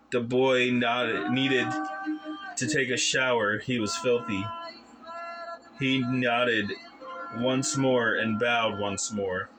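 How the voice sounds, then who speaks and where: A man reading his novel aloud as narrator, deliberate and careful, sometimes correcting himself. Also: medium pitch, steady tone, poor audio. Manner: slow, deliberate reading with occasional self-corrections. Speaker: audiobook narrator. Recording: background music under the voice.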